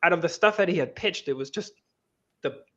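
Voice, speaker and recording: A man, his voice sitting a little high, tells a story in a lively interview. He talks casually and restarts his sentences often, slipping into quoted dialogue. The audio sounds dull and lo-fi. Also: fairly quick. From Venezuela. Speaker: guest, crypto lending co-founder.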